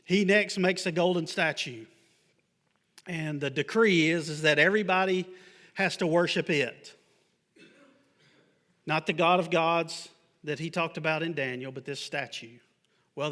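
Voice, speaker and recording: A man's voice: a little high, fairly bright tone. Man preaching and reading scripture. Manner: reads scripture aloud, then explains it with emphatic pushes; asks the congregation questions in an offhand, joking way. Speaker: pastor. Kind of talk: sermon. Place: church sanctuary.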